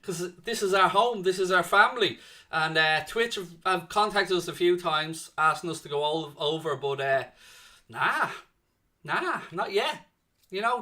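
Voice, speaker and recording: A man's voice: high voice, bright, forceful tone. A man hosting a live football watchalong who chats casually and reads viewers' comments aloud.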